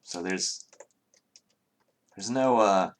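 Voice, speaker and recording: Casting: game master, man from the Southern US, halting narration, soft-spoken. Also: low-pitched. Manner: halting, many fillers.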